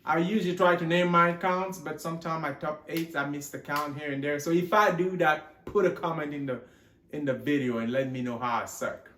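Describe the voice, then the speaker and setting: A man's voice: on the high side, steady tone, brisk, a bit bright. Joking man with a put-on drawl. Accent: put-on mixed Texan and Australian. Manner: rambling, joking, loses count. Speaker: gun channel host. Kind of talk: casual show-and-tell vlog. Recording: echoey room.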